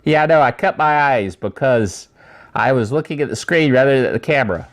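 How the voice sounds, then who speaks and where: A man's voice: mid-range voice, expressive, a little fast. A man hosting a casual tech news show, talking in a rambling, chatty way with many asides.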